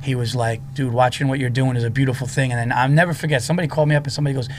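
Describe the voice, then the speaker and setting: A man in his forties, a comedian, telling stories in a casual, animated way and acting out the people he quotes. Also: medium pitch, rapid-fire, a little hiss or hum. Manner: animated storyteller who acts out quotes. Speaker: comedian guest. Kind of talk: casual storytelling.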